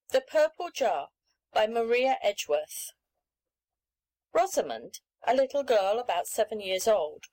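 A woman's voice: fairly high pitch, a little mellow, poor audio. Woman reading a children's story. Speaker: audiobook reader. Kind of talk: scripted narration of a children's story.

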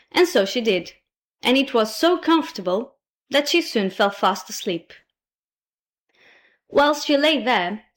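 Storybook reader, woman, fairly high voice, playful and expressive. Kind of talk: storybook narration.

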